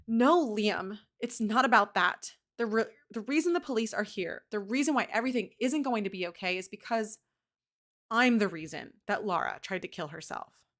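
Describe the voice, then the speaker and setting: A woman voicing a distressed teenage girl who speaks in a tearful, halting, breaking voice. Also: medium pitch, lively intonation, a bit bright, close to an everyday voice.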